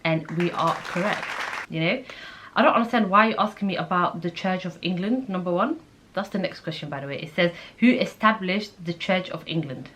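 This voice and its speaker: A woman's voice: lowish voice, expressive, brisk, a bit bright, a faint crowd, a little hiss or hum. A woman from the Netherlands vlogging casually, chatty and incredulous as she thinks aloud and reads quiz questions out. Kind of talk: casual chat while taking an online quiz.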